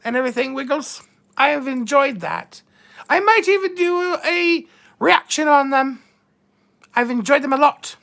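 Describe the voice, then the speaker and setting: A woman's voice: high voice, animated, measured pace, creaky, fairly bright tone, exaggerated voice. A woman playing a vain, flirtatious mature duchess who drawls "darling" and trades bawdy innuendo while hosting a live chat in character. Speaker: live-stream host in character.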